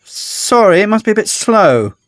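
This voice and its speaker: A man's voice: high voice, big pitch swings, moderate pace, fairly bright tone, no room sound, soft background music, pitched above the performer's own voice. A man voicing a spiteful, boastful male villain who taunts his enemies in a sing-song way. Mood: sheepish.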